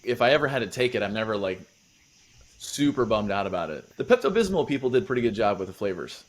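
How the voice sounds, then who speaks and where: A man with a fairly low voice runs the interview with a light, playful touch. He keeps things casual and upbeat as he moves between questions. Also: sing-song, fast. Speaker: podcast host.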